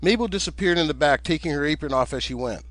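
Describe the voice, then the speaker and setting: A man, the author, narrating his own audiobook in a steady, gentle storytelling manner. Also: on the high side, quick pace, dry recording.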